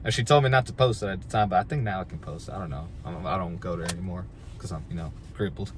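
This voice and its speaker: A man's voice: low voice, rapid-fire, slight background noise. A man, a pro wrestler, casually telling a story about his career in a laid-back, self-deprecating, rambling way.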